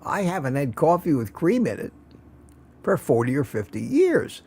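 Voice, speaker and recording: A man's voice: a little high, big pitch swings, normal speed, dark tone, breathy edge. An older man hosting a casual morning livestream, greeting viewers by name in a chatty, self-mocking way. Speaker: livestream host.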